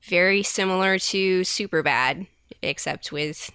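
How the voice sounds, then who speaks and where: An enthusiastic female podcast co-host with a bright, crisp voice. She speaks close to the mic in a dry room. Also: fairly low pitch, unhurried, no echo. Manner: enthusiastic, chatty. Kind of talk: casual podcast chat.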